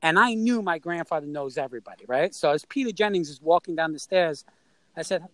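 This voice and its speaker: Animated high-voiced man telling a story. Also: fairly quick, no room sound, poor audio. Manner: animated, acts out the people in his story. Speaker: storyteller guest. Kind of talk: casual anecdote telling.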